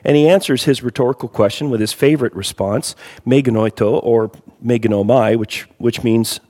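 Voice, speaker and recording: A man teaching a conversational Bible study, emphatic and reading scripture aloud, often clearing his throat. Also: medium pitch, normal speed, dark tone, long reverb tail.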